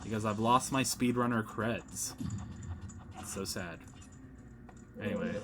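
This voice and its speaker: A man's voice: on the low side, fairly quick, long pauses, over music. A man hosting a casual let's play, rambling through gameplay commentary with lots of fillers and self-mocking asides, recorded at home.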